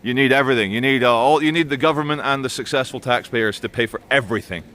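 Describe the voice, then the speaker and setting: A man's voice: mid-range voice, fast, bright, forceful tone, natural voice. A man voicing an eager, breezy left-wing doctor who offers a patient everything.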